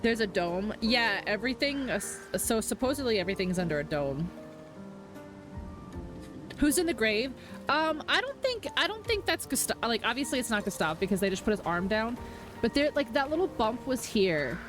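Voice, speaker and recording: A woman's voice: a little high, very animated, normal speed. A young woman streamer chatting casually and emotionally while she plays a game, with lots of fillers. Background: game music.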